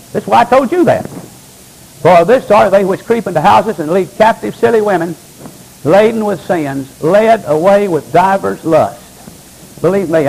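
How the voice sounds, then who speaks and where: A man preaching a sermon from the pulpit, asking the congregation rhetorical questions and swinging between low, emphatic lines and high exclamations. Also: vocal fry, darkish tone, breathy edge, low-quality recording. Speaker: pastor. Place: church.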